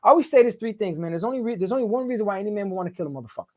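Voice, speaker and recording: Quick guy on a podcast, slangy and cussing, stumbles and repeats himself fast. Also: high-pitched, animated. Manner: profane street slang, keeps tagging "right?"; repeats and restarts words in quick bursts. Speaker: guest. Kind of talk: casual storytelling interview.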